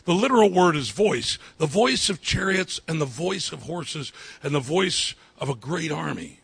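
A male pastor preaching a sermon, repeating his phrases and building up to fervent shouting. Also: fairly high pitch, expressive, moderate pace, creaky, breathy edge.

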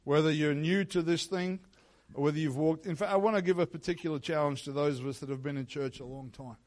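A man giving a sermon as pastor in a church, moving from quiet reflective teaching into loud, fervent prayer. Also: a little high, quick pace. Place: church sanctuary. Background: soft instrumental music.

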